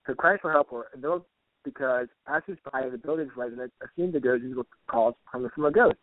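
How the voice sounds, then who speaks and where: A man's voice: mid-range voice, a little fast, no room sound. A man co-hosting a paranormal news podcast, reading stories and riffing with crude, profane jokes. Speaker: co-host. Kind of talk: casual comedic podcast chat. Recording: tinny, phone-like, dry.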